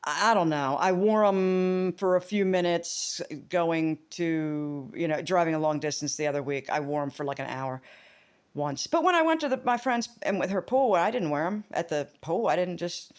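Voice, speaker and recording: Woman, casual vlogger; loose, rambling, profane, quick to laugh, with wide pitch jumps. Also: expressive, smooth. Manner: rambling, swearing, laughing, big pitch swings.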